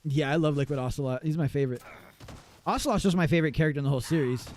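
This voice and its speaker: A male streamer talks casually to his chat during a live gaming session. His voice sits a little high for a man, and he swears freely and breaks into laughs often. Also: racing. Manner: excitable, profane, laughs often.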